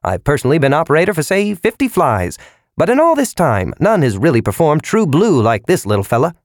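A man's voice: a little high, huge pitch swings, brisk, no room sound, studio quality, voice pushed up. A man voicing a cheerful, oozing middle-aged male fly operator who rambles on eagerly like a salesman.

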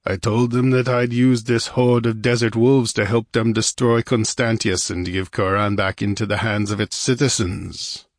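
A man reading aloud, voicing a grim, confident male barbarian warrior who speaks calmly and with certainty. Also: on the low side, moderate pace, few pauses, no room sound, studio quality, close to an everyday voice. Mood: cold, certain. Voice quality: calm, imperturbable.

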